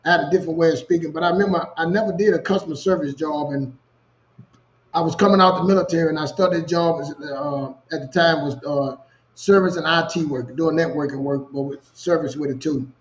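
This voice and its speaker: A man with a Louisiana accent, a co-host telling a personal story in casual, animated talk. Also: on the high side, brisk, dull audio. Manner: animated storyteller, repeats "you know what I'm saying". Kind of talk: storytelling chat.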